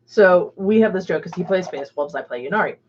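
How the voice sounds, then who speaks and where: A woman's voice: lowish voice, animated, fairly quick, background noise. A woman hosting a livestream, chatting casually with many fillers and laughs. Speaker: stream host. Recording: dull lo-fi stream audio.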